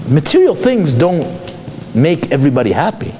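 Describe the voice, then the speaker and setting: Animated male lecturer, lively pitch. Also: a little fast, slight background noise. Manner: animated, asks many rhetorical questions. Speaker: psychologist teaching a class. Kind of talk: conversational lecture.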